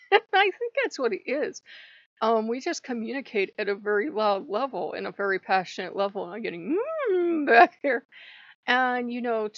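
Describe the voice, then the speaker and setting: Woman hosting her own channel, creaky and gravelly, rambling with lots of laughs, dull muffled audio. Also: medium pitch, dry recording. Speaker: channel host. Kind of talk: casual vlog chat. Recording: dull lo-fi sound.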